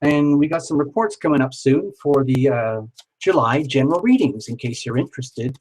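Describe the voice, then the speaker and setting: A man's voice: mid-range voice, normal speed, darkish tone, husky, low-quality recording. A man hosting a live tarot reading stream, chatting casually and reassuringly with viewers.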